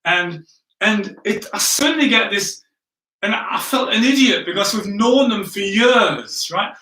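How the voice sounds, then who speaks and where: A man's voice: high-pitched, animated, unhurried, sharp tone. A man preaching a sermon, telling a story in a chatty, self-mocking way and often checking in with the listeners. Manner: chatty, self-mocking, frequent "right?" asides. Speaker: pastor. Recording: echoey room, distant from the mic.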